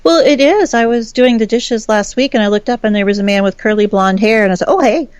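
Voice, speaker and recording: A woman from Texas, a guest in a casual chat, is a chatty storyteller who laughs often and acts out quoted voices. She talks fast in a smooth, darkish, medium-pitched voice with fairly even intonation. The call audio is dull and lo-fi, with no room sound.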